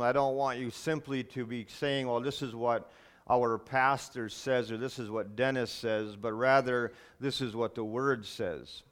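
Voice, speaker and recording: A man's voice: mid-range voice, clean tone. A man pastor preaching a sermon in church, reading scripture and then speaking earnestly to the young people being confirmed, often asking them questions.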